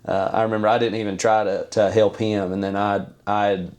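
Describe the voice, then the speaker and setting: A man, a podcast guest telling a personal story in an earnest, halting way with many fillers and restarts. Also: lowish voice, flat delivery, a little mellow.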